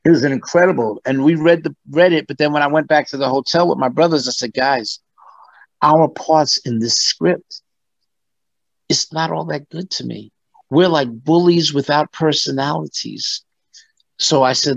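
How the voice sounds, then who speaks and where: A man's voice: fairly high pitch, normal speed, creaky, no room sound, lo-fi sound. A man, a guest musician, telling stories in an interview and acting out what people said. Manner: animated, acts out quotes. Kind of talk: interview storytelling.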